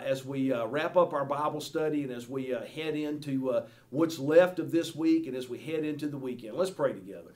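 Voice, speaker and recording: A man's voice: on the high side, darkish tone. A man teaching a Bible study like a sermon, earnest and pleading, often repeating words and saying "uh". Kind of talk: sermon-style Bible lesson.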